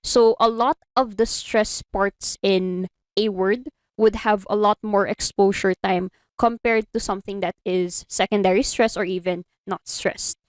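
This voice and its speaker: A woman's voice: medium pitch, fairly even intonation, measured pace, no echo. A woman with a Filipino accent giving an animation lecture in an online class, explaining step by step and slipping Tagalog phrases into her English. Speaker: animation instructor. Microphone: computer mic on a video call.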